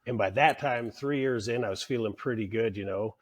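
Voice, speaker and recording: A man guesting on a podcast, telling work stories in a casual, animated way, acting out the people he quotes and swearing freely. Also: mid-range voice, fairly quick, husky. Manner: animated storyteller who acts out quoted bosses, swears freely. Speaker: podcast guest, union leader. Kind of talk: casual interview storytelling.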